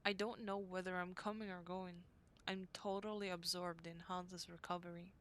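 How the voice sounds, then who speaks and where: A woman reading aloud the diary entries of a young woman devoted to her brother, in an earnest, unhurried way. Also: lowish voice, level tone, slight background noise, natural voice.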